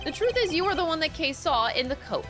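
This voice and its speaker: A woman reading the lines of a composed, cutting male prosecutor in a measured, lecturing way, with game music behind. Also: high voice, big pitch swings, fairly bright tone, pitched above the performer's own voice. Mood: stern.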